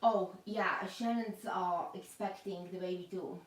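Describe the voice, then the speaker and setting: A doll collector hosts a live stream in an echoey room, chatting casually through an unboxing and reading viewers' comments aloud with plenty of fillers. Her voice is lowish and steady in tone, and she takes her time.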